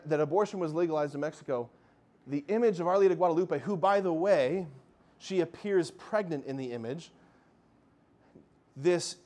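A man giving a lively Catholic faith talk, telling miracle stories with animation and calling his listeners "guys". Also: high-pitched. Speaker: Catholic speaker.

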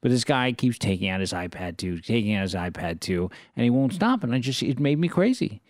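Animated man telling a heckler story. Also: medium pitch, brisk, no echo, studio quality. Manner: animated storyteller, acts out his own yelling. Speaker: stand-up comic guest. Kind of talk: casual chat.

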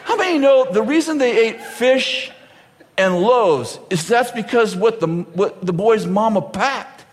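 Male preacher, high and very lively pitch, jokes and laughs through his sermon; large hall with a long reverb. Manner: jokey, laughs often, acts out dialogue in quick voices. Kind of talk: humorous sermon. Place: large church hall before a live audience. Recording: reverberant hall with faint audience and noise.

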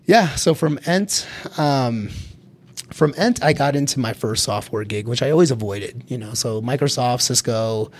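A man's voice: medium pitch, normal speed. Chatty middle-aged man telling career stories. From Colorado. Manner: lively, laughs often, repeats words when starting. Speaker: guest, security executive. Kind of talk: casual career storytelling.

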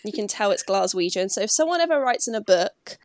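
A woman's voice: mid-range voice, animated, fast, no echo, clean studio sound. An Englishwoman co-hosting a casual podcast chat, telling stories and laughing often. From England. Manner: chatty storyteller, laughs often. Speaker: podcast co-host.

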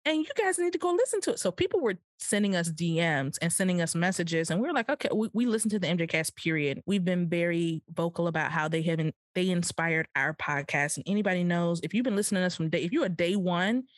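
A woman co-hosting a podcast in casual chat, lively and slangy, talking straight to her listeners. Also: lowish voice, fast, few pauses, no room sound, clean studio sound. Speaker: podcast co-host.

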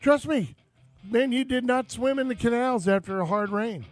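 A man's voice: very high-pitched, moderate pace, soft background music. A man from Florida hosting a casual outdoors radio talk show, rambling and folksy as he talks over his co-hosts. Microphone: studio microphone.

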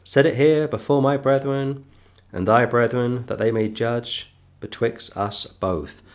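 A man teaching a Bible sermon, reading King James verses slowly and repeating phrases for emphasis. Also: mid-range voice, steady tone. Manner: reads scripture slowly, then comments with emphatic repetition. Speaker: preacher.

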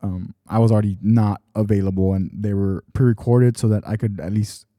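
A podcast host talks solo into his mic in casual, rambling fashion, looping back and correcting himself along the way. His voice is very dark, mellow and low, with a steady tone and a slightly fast pace. The recording is dry and close, with no room sound.

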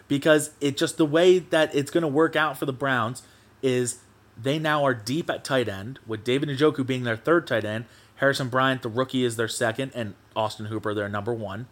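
A man's voice: medium pitch, normal speed. A man hosting his own sports podcast, ranting animatedly and swearing casually in a solo monologue. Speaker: podcast host.

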